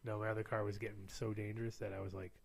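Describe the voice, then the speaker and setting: A man's voice: lowish voice, flat delivery, very fast, creaky. An American man hosting a show, rambling through a casual story, often laughing and putting on other people's voices. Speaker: show host. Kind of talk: casual chat.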